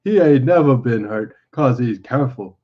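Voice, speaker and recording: A man voicing a big, childlike and anxious simple-minded man, slow and plaintive, on a dull lo-fi recording. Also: medium pitch, expressive, lightly acted.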